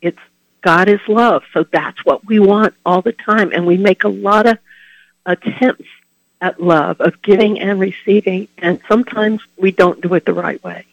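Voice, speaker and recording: A man giving a devotional Lenten talk as a Catholic preacher, earnest and heartfelt, letting his phrases trail off softly. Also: sits high, steady tone, measured pace, gravelly, dry recording, highs cut off.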